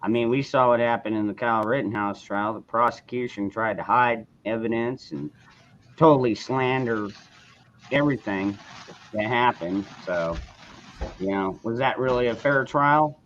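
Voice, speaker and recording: A man's voice: medium pitch, moderate pace, a bit bright, slight background noise. A man hosting a casual live chat forum, talking bluntly and rambling, with frequent swearing. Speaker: host of a call-in forum. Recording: dull lo-fi sound.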